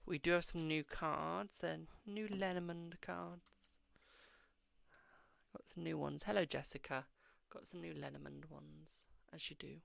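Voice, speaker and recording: A man's voice: on the high side, fairly even intonation, measured pace, gravelly, fairly bright tone, no echo. A man hosting a casual live-stream tarot reading, chatting affectionately with viewers and calling them "my darling".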